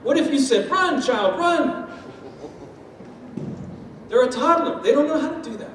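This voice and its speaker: High-voiced man speaking in an echoey hall. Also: fast talker, slight background noise. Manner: lively, uses homely food analogies and acted-out quotes. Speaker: speaker on step parenting. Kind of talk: talk with audience. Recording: echoey hall from far off, faint ambience.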